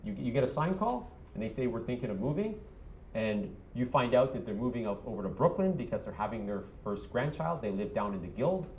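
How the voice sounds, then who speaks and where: Echoey real estate coach, punchy delivery. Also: male voice, medium pitch, sing-song, brisk, darkish tone, a little hiss or hum. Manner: punchy, keeps asking "yes or no?" to the room. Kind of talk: coaching session to a room of agents.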